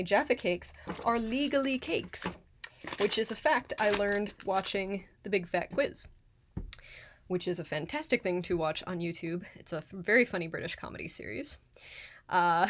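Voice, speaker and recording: A woman hosting a live cooking stream in her apartment kitchen, chatting casually, rambling and greeting viewers as she goes. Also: mid-range voice.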